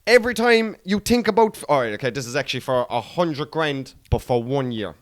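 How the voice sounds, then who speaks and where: A man's voice: mid-range voice, lively intonation, a little fast, no echo, studio quality. An Irish man hosting a casual podcast, chatty and laughing often, with "like" and "lad" in every other phrase. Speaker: podcast host.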